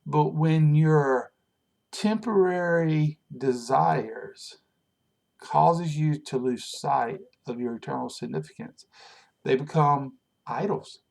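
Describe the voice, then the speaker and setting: A man's voice: a little high, takes it slowly, vocal fry, darkish tone. A man giving a short devotional sermon in an earnest, conversational preaching manner. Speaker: pastor.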